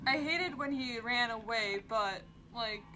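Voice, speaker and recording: A woman's voice: on the high side, slow pace, heavy background noise. A young woman giving casual let's-play commentary, chatty and exclaiming often at what happens in the game. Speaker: gameplay commentator.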